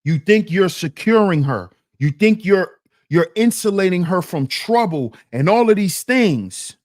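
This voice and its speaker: A man's voice: sits high, animated, a little slow. A man hosting a commentary channel, talking in a casual, slang-heavy, emphatic way.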